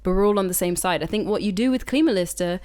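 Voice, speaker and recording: A woman's voice: medium pitch, quick pace, darkish tone. A woman from the United Kingdom, a climate activist guest, chatting casually on a podcast, frank and rambling, swearing freely. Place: indoor recording.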